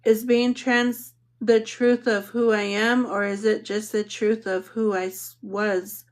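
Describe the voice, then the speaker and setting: A woman narrating an audiobook in the first person, reading in a measured, reflective way. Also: mid-range voice, level tone.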